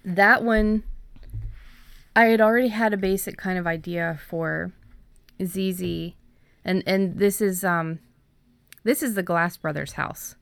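A woman, an author, reading her own story aloud in a measured way and then chatting about it with hesitant fillers. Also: medium pitch, fairly even intonation, vocal fry, a bit bright, clean tone, no echo. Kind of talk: storybook narration, then casual chat.

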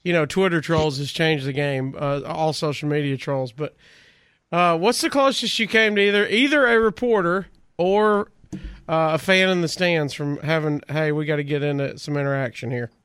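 A man's voice: a little high, moderate pace, fairly bright tone, clean tone, dry recording. A man hosting a casual interview, joking around and laughing often. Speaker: podcast host.

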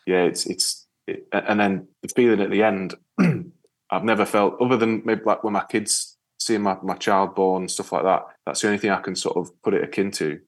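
A man with a very low voice talks slowly and thoughtfully. He pauses and restarts as he searches for words, in a relaxed interview chat. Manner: reflective, halting with restarts. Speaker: podcast guest.

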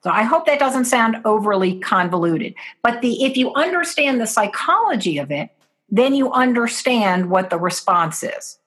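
A woman's voice: fairly high pitch, lively intonation, normal speed, fairly bright tone. A woman guest in an interview, earnestly explaining parenting steps and acting out what parents and children say.

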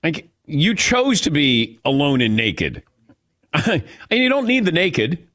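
A man's voice: a little high, huge pitch swings, takes it slowly, a bit bright. A man hosting a talk show in casual chat, bantering with wry, dry humor. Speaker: radio show host.

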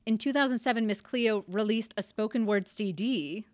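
A woman's voice: fairly high pitch, moderate pace, a little mellow, no echo, clean studio sound. A young woman co-hosting a podcast in casual chat, telling a story with asides and laughs. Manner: chatty storytelling, reads out facts with asides and laughs. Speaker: podcast co-host.

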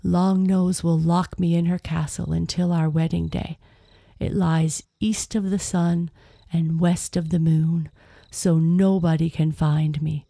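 A woman's voice: on the low side, level tone, a little slow, gravelly, mellow, no room sound, clean studio sound. A woman voicing a sad, resigned enchanted prince in a storybook reading.

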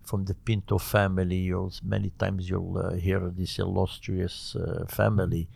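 A gravelly older man from Morocco speaks as an interview guest, stopping and restarting his sentences as he tells a family story. His voice sits a little low, and the recording is dry and close. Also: level tone, dry recording. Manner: halting, repeats and restarts words, warm and earnest. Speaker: cantor, guest.

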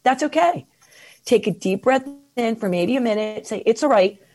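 A woman, a guest on an interview podcast, giving advice on mindfulness in an expressive, animated way, slowing down to stress key points. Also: on the high side. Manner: expressive, animated, slows down for emphasis.

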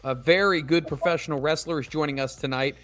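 A man's voice: fairly high pitch, steady tone, fast talker, a bit bright, faint music behind. A man hosting a show, welcoming listeners and bantering in a playful, mock-boastful way. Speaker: host. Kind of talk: casual chat on a stream.

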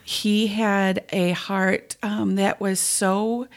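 Tender, gravelly-voiced woman telling memories. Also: medium pitch, flat delivery. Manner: tender, reflective storytelling with many pauses. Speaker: guest. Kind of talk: interview conversation.

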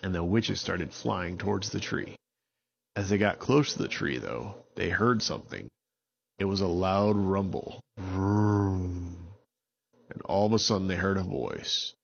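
Brief: relaxed male storyteller, low and unhurried, dull home recording. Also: vocal fry, husky. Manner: relaxed, unhurried, with small restarts. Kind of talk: improvised bedtime storytelling.

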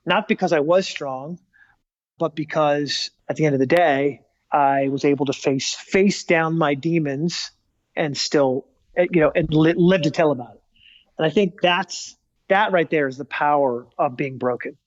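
A man's voice: fairly high pitch, measured pace, no echo, dull audio. A man speaking as a guest on a podcast interview. He tells stories casually but with emphasis, and acts out the dialogue he quotes.

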